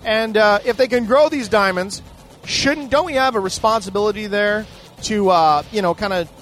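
A man hosting a podcast in a casual, profane rant, animated and mock-boastful, swearing freely. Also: sits high, moderate pace, soft background music. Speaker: podcast host.

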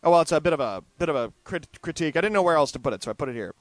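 A man hosting his own show, reading out news stories and commenting on them, animated and sardonic, swinging between loud outbursts and muttered asides. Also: on the high side, racing, no echo. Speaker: podcast host.

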